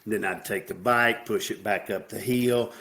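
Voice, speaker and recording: A man's voice: lowish voice, fairly even intonation, measured pace, gravelly, sharp tone. A middle-aged man with a Southern US accent, talking plainly and at ease as an interview guest, with many fillers. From American South. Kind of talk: casual interview.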